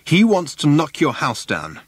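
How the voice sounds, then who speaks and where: Man doing a sly, patient smooth-talker. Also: on the high side, wildly swooping pitch, a little slow, dry recording, pitched above the performer's own voice, exaggerated voice. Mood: scheming. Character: cunning, patient man talking circles around an official.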